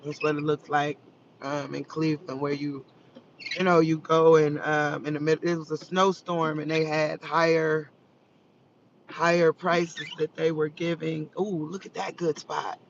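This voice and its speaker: A woman's voice: low voice, little pitch movement, a little slow, creaky. A woman records a live stream on her phone from her parked car at night, speaking with fervent, tearful conviction. She laughs through her tears as she testifies. The sound is dull and muffled, with a faint hiss behind her. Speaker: vlogger going live.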